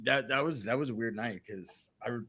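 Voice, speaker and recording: A man's voice: mid-range voice, a little fast, pushed and bright, husky. A man co-hosting a podcast, chatting casually and joking, a bit off the mic. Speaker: podcast host. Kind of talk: casual chat.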